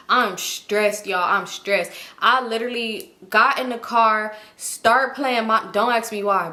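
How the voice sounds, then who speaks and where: Bright-voiced woman telling a storytime. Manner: animated, acts out quotes with big pitch jumps. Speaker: storytime vlogger. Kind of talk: casual storytime.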